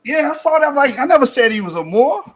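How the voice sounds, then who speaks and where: A man's voice: extremely high pitch, very animated, fast, fairly bright tone. A man in a heated online debate, boastful and profane, mocking his opponents and laughing between points.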